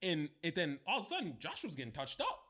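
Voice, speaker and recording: Young co-host from Atlanta with an expressive, up-and-down voice; loose, profane storytelling. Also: male voice, on the high side, fast talker, a little hiss or hum. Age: young adult. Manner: animated storytelling, swearing freely. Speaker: podcast co-host. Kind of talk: casual chat.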